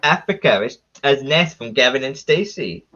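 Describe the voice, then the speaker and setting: A man's voice: medium pitch, lively intonation, moderate pace, pushed and bright, muffled recording. A man hosting a casual online game show, camp and teasing, swearing freely and calling the others darling. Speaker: host.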